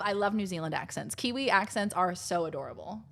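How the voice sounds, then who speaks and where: A woman's voice: fairly low pitch, expressive, a little fast, vocal fry, few pauses, fairly bright tone. A woman chatting casually while live-streaming a game, rambling and filling her talk with "like".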